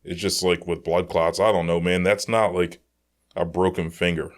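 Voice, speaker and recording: A man co-hosting a casual sports podcast, telling animated stories full of "like" and "dude". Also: deep voice, moderate pace. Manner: animated storyteller, lots of "like" and "dude". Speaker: podcast co-host.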